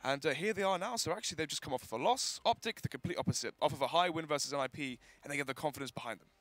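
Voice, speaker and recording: A man casting an esports match at the analyst desk, chatty and quick, often talking over his co-caster. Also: on the high side, a bit bright, no room sound. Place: studio desk at a live event.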